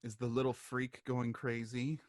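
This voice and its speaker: A man's voice: mid-range voice, little pitch movement, a little slow, voice pushed down, close to an everyday voice. A man voicing a cold, curt aristocratic lady in a tabletop game, speaking in short, icy replies. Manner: clipped, icy.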